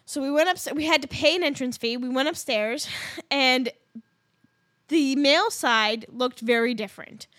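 A woman in her thirties co-hosts a casual podcast and tells a story full of rambling asides and laughter. Her voice sits high, and the recording is dry and close to the mic. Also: moderate pace, a bit bright, no room sound. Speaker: podcast co-host.

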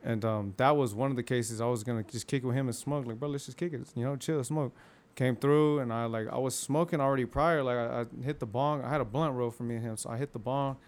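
A man's voice: medium pitch, fairly even intonation, quick pace, few pauses, darkish tone. A man casually telling about odd things seen while smoking, in rambling slang full of fillers. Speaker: guest telling ghost stories. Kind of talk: casual storytelling.

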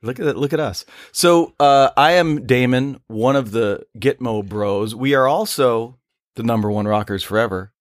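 A man's voice: medium pitch, normal speed, dry recording, studio quality. A man co-hosting a casual comedy podcast, loose and jokey, laughing often. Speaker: podcast co-host.

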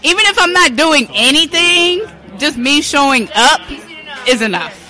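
A woman's voice: high voice, lively intonation, unhurried, sharp tone. A woman wrestler answering interview questions in a confident, playful manner at a live event.

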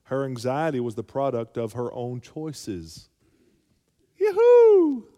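A man's voice: mid-range voice, unhurried, mellow. A male pastor preaching a sermon, calling for amens and rising to emphatic peaks. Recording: long hall reverb.

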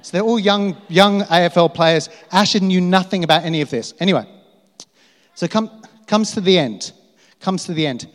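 A man's voice: sits high, moderate pace. Man preaching in a reverberant hall. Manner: storytelling, self-mocking and laughing. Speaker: pastor. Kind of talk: sermon.

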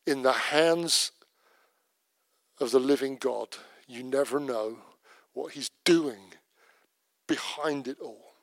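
A man preaching a sermon, telling a story in a lively way and slowing to a soft voice when he prays. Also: medium pitch, no room sound. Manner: lively storyteller who drops to a soft, slow voice for prayer.

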